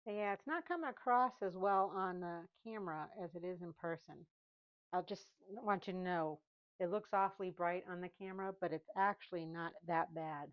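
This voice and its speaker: A woman's voice: fairly low pitch, moderate pace, muffled recording. A woman chatting casually while she paints, laughing often and talking to herself. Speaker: painting vlogger.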